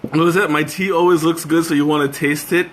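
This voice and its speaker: A man's voice: a little high, fairly even intonation, a little fast. A young man hosting a livestream, joking about himself and reading out chat comments. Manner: joking, self-mocking, reads out chat comments. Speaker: livestream host.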